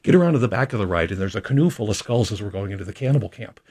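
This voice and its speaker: A middle-aged man, a studio guest, telling animated anecdotes in a casual radio chat. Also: fairly low pitch, very fast, husky.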